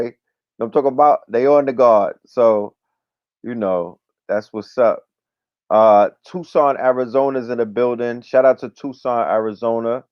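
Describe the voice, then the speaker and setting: A medium-pitched man hosts a lo-fi livestream with no echo and dry, dull audio. Loose and slangy, he chats casually, gives viewers shout-outs, and keeps saying "you know what I'm talking about."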